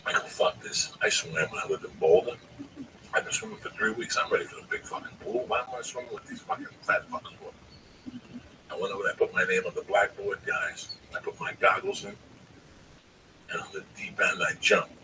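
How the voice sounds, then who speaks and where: A man tells a rambling, profane story, his gravelly low voice swooping up and down with a bright edge. He sits back from the microphone, with faint room noise behind him. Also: a little fast, far from the mic, poor audio. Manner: profane, animated, addresses the listener as "Lee". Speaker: storyteller guest. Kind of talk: casual podcast storytelling.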